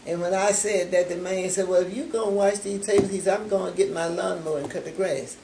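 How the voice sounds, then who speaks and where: A woman's voice: on the low side, fairly even intonation, vocal fry, warm tone, a little hiss or hum. An older woman giving a spoken testimony of faith as founder of a charity. She tells the story unhurriedly and acts out both sides of remembered conversations, with many repetitions of "I said" and "he said". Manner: unhurried, with repeated "I said" and "he said". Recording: roomy echo.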